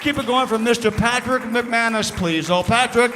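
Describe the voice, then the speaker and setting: A man working as emcee, hyping up the crowd and introducing comics with loud, excited calls. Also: very high-pitched, normal speed, noisy background. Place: comedy club.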